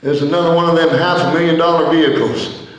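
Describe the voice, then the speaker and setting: A man's voice: a little high, fairly even intonation, fast talker, close to an everyday voice. A man acting out a one-man stage show, telling brash, profane stories about his wrestling days in a theater. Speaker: stage performer. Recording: echoey hall from far off.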